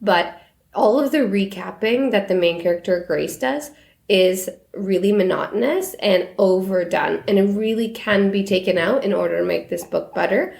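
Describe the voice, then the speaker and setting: A woman co-hosting a podcast, chatting casually about books in an animated way and laughing often. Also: mid-range voice, normal speed, creaky. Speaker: podcast co-host. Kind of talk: casual book chat. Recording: echoey room.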